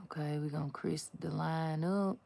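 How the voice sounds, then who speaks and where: A woman's voice: sits low, steady tone, moderate pace, gravelly, warm tone. A woman doing a casual nail art tutorial, chatty and slangy, talking straight to her viewers and dropping to a near whisper while she concentrates on the work.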